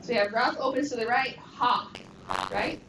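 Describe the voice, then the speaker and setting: A woman's voice: fairly high pitch, normal speed, background noise. A woman teaching a Greek class, leading students through pronunciation drills with encouraging call-and-response. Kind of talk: classroom lesson. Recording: echoey classroom from far off.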